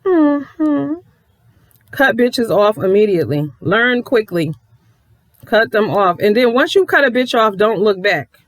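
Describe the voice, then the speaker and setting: Talking straight to her audience, a female YouTuber delivers a blunt, sassy rant full of profanity. She has a mid-range voice, captured in a dry recording.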